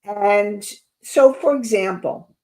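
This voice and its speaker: Woman, talk show host, slow unhurried delivery, earnest, reflective, speaks straight to listeners. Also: mid-range voice, darkish tone. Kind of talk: inspirational talk show monologue.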